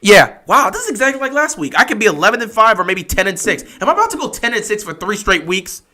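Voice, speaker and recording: A man's voice: high-pitched, sing-song, quick pace, bright, forceful tone. A man hosting a casual live stream, talking over a football game and mocking upset fans with whiny impressions.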